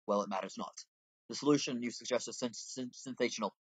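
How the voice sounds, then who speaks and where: A man's voice: mid-range voice, fast, slightly rough, no echo, close to an everyday voice. A man voicing a fussy, pompous male cook with grandiose phrasing, reading game dialogue aloud. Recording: dull lo-fi home mic.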